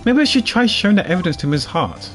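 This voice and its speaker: A man voicing a composed male prosecutor, reading game dialogue in a measured, formal way. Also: sits high, sing-song, a bit bright, faint music behind.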